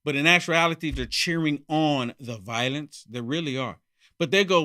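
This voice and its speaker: A man hosting his own political commentary monologue, emphatic and repeating his points, swinging from loud outbursts to muttered asides. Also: fairly high pitch, normal speed. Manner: emphatic, repeats phrases for effect. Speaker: channel host.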